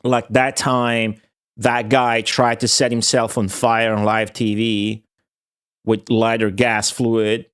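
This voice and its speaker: Young male streamer, mid-pitched, rambling and profane. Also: flat delivery, slow pace, fairly bright tone, clean tone. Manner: rambling, profane, laughing storyteller. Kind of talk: casual rant to stream viewers.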